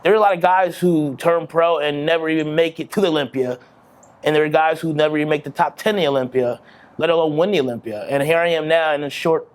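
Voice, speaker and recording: A man's voice: a little high, quick pace, clean tone. A man in his thirties giving a candid, emotional interview as a bodybuilding champion. He swears freely and often restarts his sentences. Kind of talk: candid post-victory interview.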